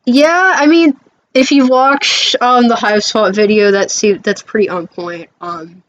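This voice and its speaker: A woman's voice: a little high, fairly even intonation, measured pace, highs cut off. A woman streamer chatting casually about a game, hesitant and full of fillers, often giggling.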